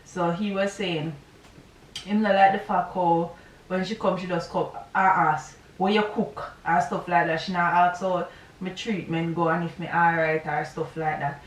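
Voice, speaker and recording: A woman's voice: on the low side, level tone, normal speed, roomy sound, recorded from a distance, low-quality recording. A woman with a Jamaican accent telling a personal story in a casual, rambling vlog, full of asides and checks on the listener. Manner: rambling, chatty retelling with asides. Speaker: vlogger.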